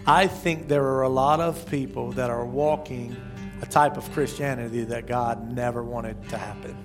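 Man, pastor, sermon, casual preaching, stammered restarts, sudden loud rises. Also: mid-range voice, steady tone, normal speed, over music.

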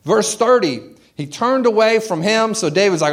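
A man's voice: high voice, expressive, normal speed. A man preaching through a scripture passage, reading verses aloud and then retelling them in casual, everyday words, often repeating a word as he restarts. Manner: reads scripture then paraphrases it in casual slang. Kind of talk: expository sermon.

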